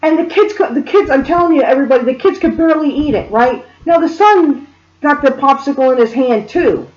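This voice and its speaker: Animated woman telling a story, echoey room. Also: high voice, brisk. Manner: animated, addresses listeners directly. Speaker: spiritual reader and speaker. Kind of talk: storytelling monologue. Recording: roomy, dull lo-fi sound.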